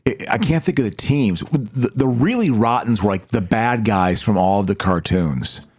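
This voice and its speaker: A middle-aged man co-hosting a podcast, talking casually and haltingly, stumbling over and repeating words. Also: on the low side, lively intonation, husky. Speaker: podcast co-host. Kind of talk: casual chat.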